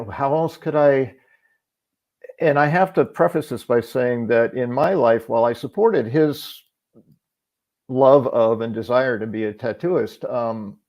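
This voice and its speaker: A middle-aged man with a gravelly edge to his voice, pitched in an ordinary middle range. He chats as a guest, thinking aloud and circling back through stories with frequent restarts. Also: darkish tone, muffled recording. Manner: reflective, storytelling, frequent restarts. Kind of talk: casual chat on a talk show.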